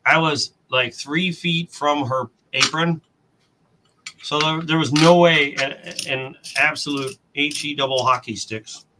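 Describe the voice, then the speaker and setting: An American man in casual chat, telling a story in an animated way and acting out the quotes. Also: medium pitch, a little hiss or hum, poor audio. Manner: animated storyteller, acts out quotes, mild cursing dodges. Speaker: coin roll hunting host.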